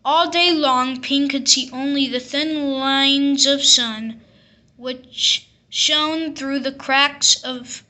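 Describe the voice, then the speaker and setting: A woman reading a classic picture book aloud, telling the story slowly and expressively. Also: high-pitched, steady tone, sharp tone. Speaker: storybook reader.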